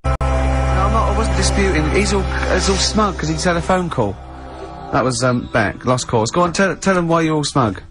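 A man's voice: a little high, normal speed, over loud music. A man hosting a radio show, laughing through playful banter and spinning absurd made-up stories. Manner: giggly, spins absurd stories. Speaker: radio host. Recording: archive radio studio broadcast.

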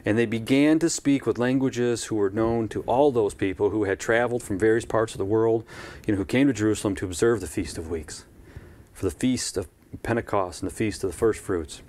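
A man's voice: on the low side, a little fast, a little mellow. A man preaching a live-streamed church sermon in a conversational way, with asides and repeated phrases.

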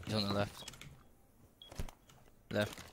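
A man's voice: fairly low pitch, monotone, slow pace, gravelly, background noise. A man giving urgent tactical callouts to his team over game voice chat.

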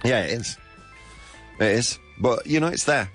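A man's voice: mid-range voice, expressive, a little slow, a bit bright, soft background music. A British man hosting a live show, reading out viewer answers in a playful, teasing way. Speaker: show host.

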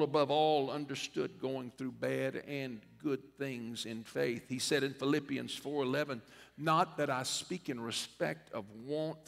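A man preaching a sermon as a bishop, in a church sanctuary, with a preaching cadence that rises to loud repeated refrains. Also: medium pitch, vocal fry. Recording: long reverb of a church hall.

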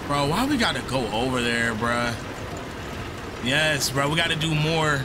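A young man doing casual let's-play commentary, slangy, jokey and excitable. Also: mid-range voice, unhurried, heavy background noise. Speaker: gaming streamer.

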